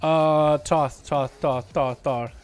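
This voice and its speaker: A young man hosting a casual gaming livestream, sick, talking in an excitable, rambling way and laughing often. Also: fairly high pitch, takes it slowly, smooth, soft background music. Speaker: livestream host. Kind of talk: casual gaming stream chat.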